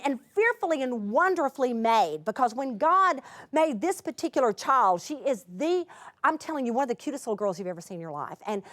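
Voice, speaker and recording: A woman's voice: high voice, fast talker. Middle-aged woman telling a heartfelt story. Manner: expressive, swings between lively and hushed. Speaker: Bible teacher. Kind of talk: emotional storytelling talk.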